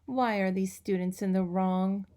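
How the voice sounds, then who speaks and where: A woman's voice: mid-range voice, steady tone, unhurried, dark tone, lightly acted. A woman voicing an anxious small male classroom hamster, earnest and fretful in a storybook reading. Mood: worried.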